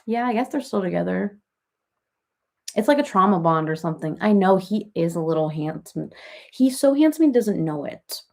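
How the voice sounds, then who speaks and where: Parodying a talkative reality-TV mom in a live chat, a woman rambles through gossip and family tales, laughing while she talks. She has a medium-pitched, expressive voice that's creaky and a little mellow, at a moderate pace.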